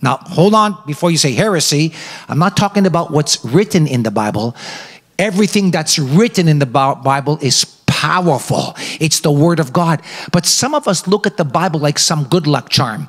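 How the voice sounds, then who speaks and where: A man preaching a sermon as pastor, animated and acting out quoted characters. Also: on the high side, brisk, slightly rough, big-room sound. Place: church sanctuary.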